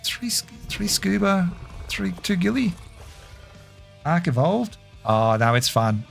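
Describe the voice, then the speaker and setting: A man's voice: sits high, big pitch swings, takes it slowly, vocal fry, faint music behind. Chatty man streaming a game. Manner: chatty, laughing, reads chat aloud while playing. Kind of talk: casual live-stream commentary.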